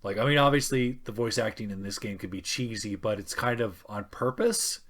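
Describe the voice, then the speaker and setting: Man, low voice, casual podcast co-host, halting delivery with fillers. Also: fairly bright tone. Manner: hesitant, many ums and restarts.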